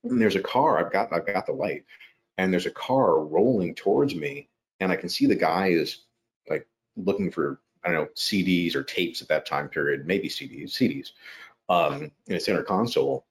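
A man, an actor and guest, telling a personal story in conversation, animated and acting out his quotes. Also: sits low, moderate pace. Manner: animated, acts out quotes in raised voice. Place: New York.

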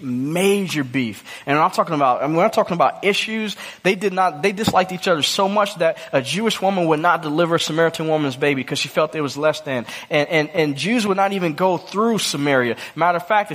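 A man preaching a sermon, telling a personal story and acting out the dialogue, then dropping low and slow for the serious parts. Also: fairly bright tone. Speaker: pastor.

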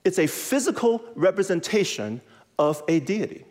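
Man, preacher, animated sermon, slightly high voice, very expressive pitch, repeats phrases. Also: normal speed. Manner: lively, conversational, repeats phrases for emphasis. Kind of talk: animated sermon with audience call-and-response.

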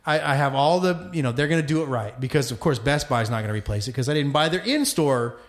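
A man casually telling a long story, animated and swearing freely as he talks. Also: mid-range voice, fast talker. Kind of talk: casual chat.

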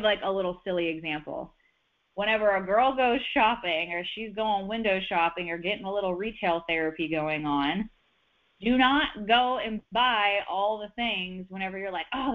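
A woman giving a casual personal reading, chatty and full of fillers and restarts. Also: mid-range voice. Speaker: human design reader. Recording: dull lo-fi sound.

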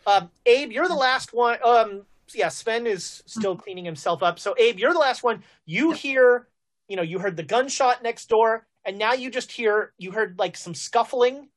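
A woman's voice: fairly high pitch, animated, normal speed. A woman narrating as game master of a tabletop game, loose and chatty, with frequent fillers and restarts. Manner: loose and chatty, many fillers and self-corrections.

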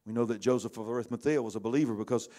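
Middle-aged preacher, man, chatty sermon voice, loud peaks and quiet asides. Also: mid-range voice, racing. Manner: conversational preaching, swings between loud bursts and hushed asides. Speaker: pastor.

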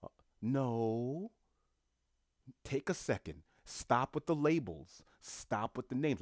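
A man's voice: medium pitch, expressive, unhurried, no room sound, clean studio sound. A man giving an impassioned casual monologue to viewers, emphatic, repeating phrases with slangy asides. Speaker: commentator speaking to viewers.

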